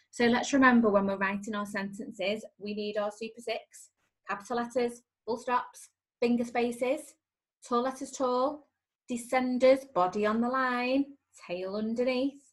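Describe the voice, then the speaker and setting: Slow, clear woman teaching spelling. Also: fairly high pitch. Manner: slow, clear, encouraging teacher talk with drawn-out words. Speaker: primary school teacher. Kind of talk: recorded spelling lesson for children.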